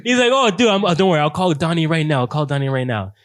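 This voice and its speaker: Animated young man telling a story. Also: fairly high pitch, quick pace. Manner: animated, says "dude" constantly, quotes himself and others. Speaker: podcast co-host. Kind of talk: casual storytelling among friends.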